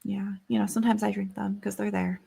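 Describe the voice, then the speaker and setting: Chatty woman with a gravelly edge. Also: level tone, a little fast, mellow. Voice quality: high-pitched. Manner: chatty, giggly. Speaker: podcast co-host. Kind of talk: casual chat. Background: kids' bedtime evening chat over drinks.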